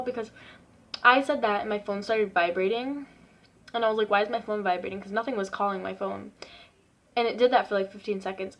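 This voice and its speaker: A woman's voice: mid-range voice, a bit bright. A young woman vlogger telling a story in a casual, rambling way, full of "like" and swearing. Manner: chatty, rambling, swears freely, lots of "like".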